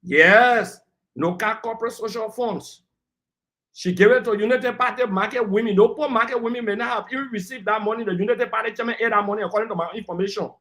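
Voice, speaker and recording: Brief: man, high-pitched panelist, combative and lecturing, heated political debate. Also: fast talker, a bit bright. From Liberia. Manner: combative, lecturing, talks over interruptions.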